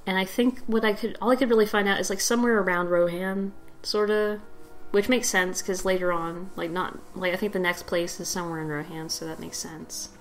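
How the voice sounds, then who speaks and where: A woman's voice: medium pitch, fairly even intonation, brisk, rough recording. A young woman giving casual gameplay commentary, rambling with lots of fillers and giggles. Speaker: let's play host.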